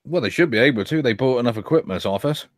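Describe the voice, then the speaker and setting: A man's voice: mid-range voice, animated, fast, dry recording, studio quality. A man hosting a casual podcast chat, teasing and sardonic, swearing freely. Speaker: host.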